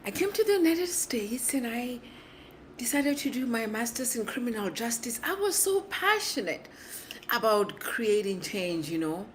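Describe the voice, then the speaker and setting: A middle-aged woman hosting a casual livestream, chatting playfully with viewers and laughing often, her voice hoarse. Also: on the high side, very animated, moderate pace, slight background noise. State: hoarse from screaming. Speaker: livestream host.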